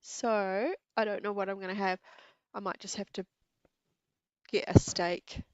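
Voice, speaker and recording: A woman's voice: medium pitch, level tone, a little slow, clean tone, no room sound. A woman with a New Zealand accent hosting a craft livestream, chatting casually and giggling with her viewers. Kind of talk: casual live-stream chat. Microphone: earpiece and mic at desk.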